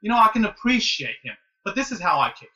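A man in his late thirties telling a casual story as a guest, animated and halting, with many restarts. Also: high voice, far from the mic, poor audio. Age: 30s. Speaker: guest, martial arts student.

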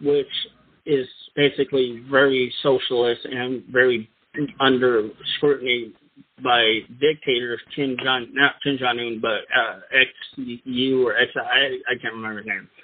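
A man co-hosting a talk radio show, answering in a hesitant, halting way with repeated words. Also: medium pitch, fairly even intonation, slightly rough, dry recording. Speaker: radio co-host. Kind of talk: casual talk radio chat. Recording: dry, tinny phone-like sound.

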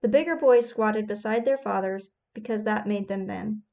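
A woman narrating an audiobook in a measured, descriptive manner. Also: medium pitch, a little mellow.

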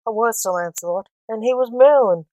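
A woman's voice: a little high, fairly quick, warm tone, dry recording, lightly acted. A woman voicing a gleeful, teasing male magician who enjoys stirring up trouble, in a dry recording. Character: mischievous young-looking male magician son.

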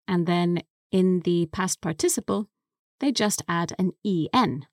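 A woman co-hosting a podcast English lesson, explaining words slowly and carefully into a close studio mic. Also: lowish voice, dry recording. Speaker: co-host and English teacher.

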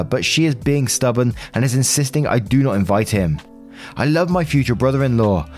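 Male story-channel host; plain, mid-pitched voice, dry opinionated asides. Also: darkish tone. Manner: dry, opinionated commentary between readings. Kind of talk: reading online posts and comments aloud.

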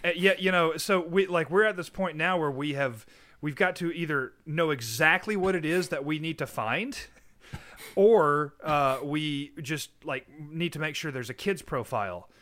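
A man's voice: on the high side, normal speed, fairly bright tone. A man who is a parent, chatting casually as a podcast co-host, rambling and laughing often as he talks. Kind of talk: casual chat.

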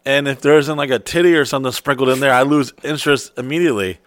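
A man's voice: medium pitch, fast talker, dry recording. Middle-aged male co-host, profane rambling storyteller, dry close sound. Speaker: podcast co-host. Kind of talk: crude casual chat.

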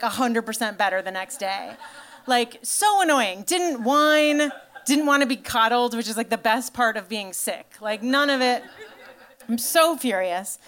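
A woman telling a story in a stand-up comedy set, chatty and animated, full of "like" and swearing. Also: on the high side, clear, resonant tone. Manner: animated storytelling to a live audience.

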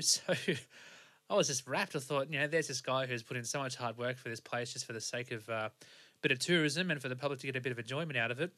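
A man's voice: medium pitch, fast talker, sharp tone. A young Australian man hosting a podcast, telling a road trip story in a rambling, casual way with lots of fillers and restarts. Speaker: podcast host.

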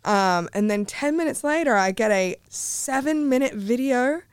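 A woman's voice: fairly high pitch, normal speed, smooth, dry recording, clean studio sound. A young woman, a podcast guest telling stories animatedly in casual chat. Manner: animated storytelling, swearing, laughing.

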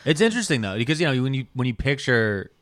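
A man's voice: mid-range voice, sing-song, quick pace, a bit bright, no echo, clean studio sound. A man co-hosting a podcast, chatting casually and riffing with jokes and swearing. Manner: joking, profane, riffing. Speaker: podcast co-host. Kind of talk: casual chat.

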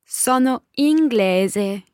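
A woman's voice: fairly high pitch, animated, extremely slow, darkish tone, clear, resonant tone, no room sound, studio quality. A Scottish woman co-hosting a podcast language lesson as the learner, carefully repeating phrases after the teacher. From Scotland. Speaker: learner co-host.

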